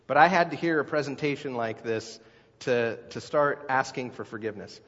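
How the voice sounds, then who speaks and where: A man's voice: mid-range voice, moderate pace, fairly bright tone. A middle-aged man preaching a sermon as a pastor, talking in a conversational way and putting questions to the congregation. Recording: dull sound with long hall reverb.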